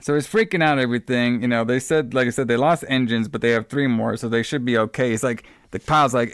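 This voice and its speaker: Rambling through a movie recap, this podcast co-host swears, laughs a lot, and keeps saying "bro." He speaks fast with few pauses in a smooth, medium-pitched voice, and the studio sound is clean with no echo.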